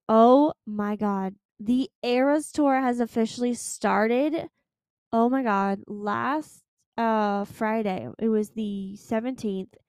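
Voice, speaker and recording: A young woman hosting her own podcast, talking in an excited, gushing way, breathless at times and swearing freely. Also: fairly high pitch, clear, resonant tone, no echo. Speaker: podcast host. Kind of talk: excited casual podcast chat.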